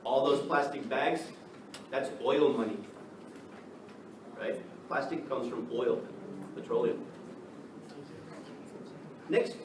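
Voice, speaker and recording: A man from the United States teaching an English class, lively and checking in with the students by asking "right?" again and again. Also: mid-range voice, slow pace, long pauses. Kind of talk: classroom lecture. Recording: echoey classroom from far off, noisy.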